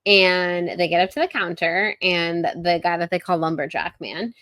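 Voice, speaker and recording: A woman's voice: lowish voice, fairly even intonation, moderate pace, a bit bright, dry recording. A woman co-hosting a podcast, casually retelling a book's chapters in a chatty way, with lots of "like". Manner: chatty retelling, heavy use of "like". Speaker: podcast co-host. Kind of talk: casual book-discussion chat.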